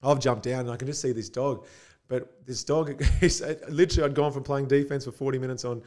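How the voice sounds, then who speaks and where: A man's voice: mid-range voice, fairly even intonation, brisk, a little mellow. Man, casual storytelling, laughs often, podcast guest. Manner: laughs often while telling stories. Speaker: guest, basketball player.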